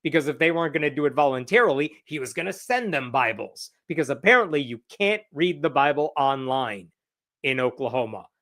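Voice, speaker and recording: Man, fairly high voice, sarcastic, casual livestream commentary, reads quotes aloud. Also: a little fast, a bit bright. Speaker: host of a news roundup livestream.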